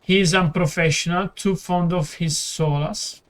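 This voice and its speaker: Kindly tired priest, read by an Italian man, slow and halting, higher voice. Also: fairly even intonation. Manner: reads the text aloud haltingly, with stumbles. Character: kindly male priest, weary and gentle.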